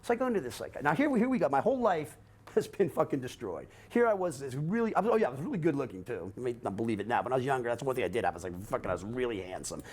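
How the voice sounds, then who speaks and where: Fast-talking, animated older man. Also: medium pitch, breathy edge. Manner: fast, animated, swearing often, acting out quotes. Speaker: guest recounting his life. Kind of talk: rapid storytelling, profane.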